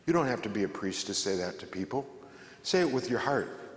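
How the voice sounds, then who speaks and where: A man giving an inspirational faith talk at a church, joking and conversational, then dropping to a soft, quiet delivery. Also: on the low side, big pitch swings, a little fast. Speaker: guest speaker at a church. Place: large church. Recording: echoey church hall with long reverb.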